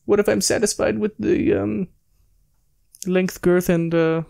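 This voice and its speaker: A man's voice: high-pitched, fairly even intonation, a little slow, gravelly, warm tone, no room sound. A young man co-hosting a podcast, trading crude jokes in casual banter and often trailing off into laughter. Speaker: podcast co-host.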